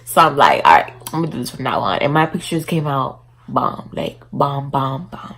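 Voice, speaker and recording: A woman's voice: extremely low pitch, big pitch swings, normal speed, creaky, fairly bright tone, breathy edge, low-quality recording. A woman chatting casually in a mukbang vlog at home, talking while she eats. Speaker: vlogger. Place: indoors at home, in her bedroom.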